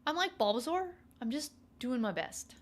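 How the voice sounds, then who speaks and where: Young female game streamer with a slightly raised pitch, chatty and playful, talking to chat while she plays. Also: lively intonation, normal speed. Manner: chatty and playful, thinking aloud, teasing back at chat. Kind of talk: casual gameplay commentary to a live chat.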